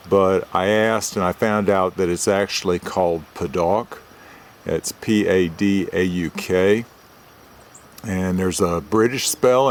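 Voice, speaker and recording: An older man, a retired forester, gives a methodical show-and-tell review of a knife outdoors. He explains each detail slowly and plainly into a camera mic. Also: deep voice, slight background noise. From United States.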